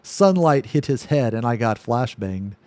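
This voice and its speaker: Cocky cartoonish shark, drawn-out taunts, a male streamer doing the voice. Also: medium pitch, animated, a little mellow, no echo, lightly acted. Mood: smug.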